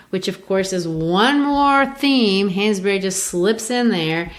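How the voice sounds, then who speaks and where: A woman's voice: medium pitch, animated, a little slow, few pauses. Chatty woman from Brazil explaining a play. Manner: chatty and explanatory, with frequent restarts. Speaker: podcast host. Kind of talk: casual literature discussion.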